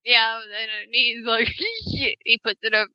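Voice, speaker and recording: Giggly woman chatting with friends, really bright voice, a bit high. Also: takes it slowly, dry recording, lo-fi sound. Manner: laughs often, jokey asides. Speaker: podcast co-host. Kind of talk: casual chat.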